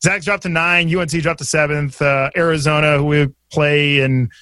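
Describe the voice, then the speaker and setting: Playful man hosting, slightly higher voice. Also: steady tone, sharp tone, no room sound, clean studio sound. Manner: playful, teasing, quick questions. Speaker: podcast host. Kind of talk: casual chat.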